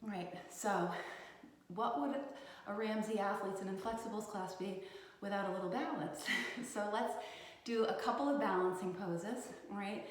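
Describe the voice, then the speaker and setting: A woman teaching a yoga class, giving calm, encouraging cues and often asking "right?", a little out of breath as she demonstrates the poses. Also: mid-range voice, measured pace. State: slightly out of breath while demonstrating. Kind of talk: guided yoga class instruction. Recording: echoey hall, voice from far off.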